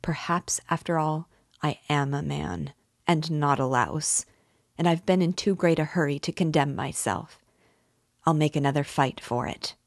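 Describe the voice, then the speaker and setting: A woman's voice: sits low, unhurried, vocal fry, no room sound, studio quality, exaggerated voice. Woman reading as Raskolnikov, bitter young killer. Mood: grim. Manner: anguished, bitter pleading. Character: tormented young male murderer, bitter and defiant.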